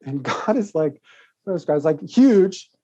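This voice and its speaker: A man guest on a podcast, telling a long personal story in a rambling, animated way, laughing often and restarting his sentences. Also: on the high side, slow, no room sound, highs cut off. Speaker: podcast guest, author and speaker. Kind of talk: casual interview storytelling.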